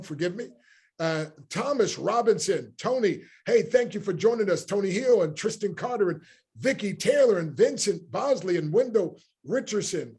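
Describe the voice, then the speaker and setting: A man hosting a live online call, welcoming a long list of attendees by name with excited, effusive energy before introducing the next speaker. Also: high-pitched, breathy edge. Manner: enthusiastic, effusive greeting of many names. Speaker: host.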